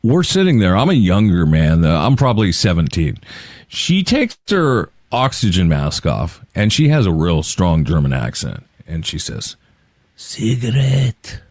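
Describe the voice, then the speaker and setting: A man's voice: sits low, wildly swooping pitch, moderate pace, a little mellow, dry recording. A man in his late forties co-hosting a podcast, telling stories with laughs and the odd curse. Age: 40s. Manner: storytelling, swears, laughs often. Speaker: podcast co-host. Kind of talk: casual chat.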